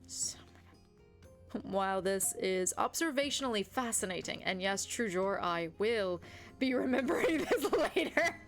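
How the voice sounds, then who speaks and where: A woman's voice: medium pitch, unhurried, faint music behind. A young American woman streaming a visual novel, reading its lines aloud and breaking off into chatty, giggly commentary. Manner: chatty, giggly, reads game lines aloud with animated asides. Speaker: gaming streamer.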